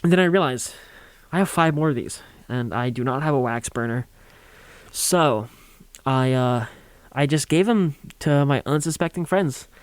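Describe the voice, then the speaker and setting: A man's voice: medium pitch, moderate pace, dry recording. A young man telling a rambling, funny story on a college radio show, acting out quotes and laughing along.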